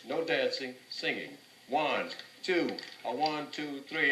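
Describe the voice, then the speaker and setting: A man's voice: medium pitch, slow, sharp tone. A man teaching a tap dance class, counting and scatting rhythms aloud and often repeating his words. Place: dance studio. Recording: roomy, distant, noisy dance studio.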